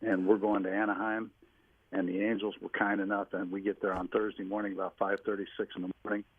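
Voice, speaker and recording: A man's voice: lowish voice, little pitch movement, fast talker, slightly rough, no echo. A man in his home office calling in to a radio talk show, telling long rambling stories with many restarts. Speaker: guest telling stories, former team staffer. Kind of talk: phone-in radio interview, anecdotes. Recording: tinny phone line.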